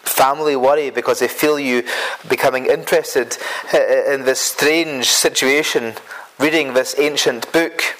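A man's voice: medium pitch, fairly bright tone, poor audio. Earnest male preacher mid-sermon. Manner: earnest, repetitive, stumbles on words.

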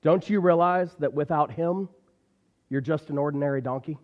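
A man voicing a gentle, wise mother donkey who speaks kindly to her foolish child during a sermon story. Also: fairly high pitch, moderate pace, lo-fi sound, lightly acted.

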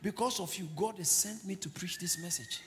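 A male pastor preaching a sermon, shouting exhortations, then dropping into low asides, with laughs along the way. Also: a little fast. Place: church hall. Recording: long hall reverb.

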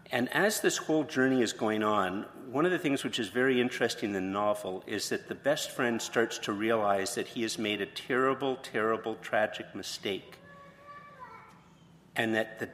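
Casting: male pastor, low voice, storytelling sermon, long hall reverb, faint room noise. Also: fairly bright tone. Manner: retells a story, then poses questions.

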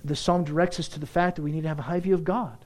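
A man preaching a sermon, building to excited, emphatic peaks. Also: a little high, very fast. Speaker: pastor.

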